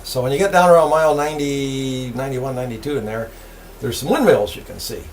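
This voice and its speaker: An older man, once a railroad engineer, tells his stories in an interview, laughing often and animating every tale. His voice is mid-range and he talks fast, with slight background noise behind him.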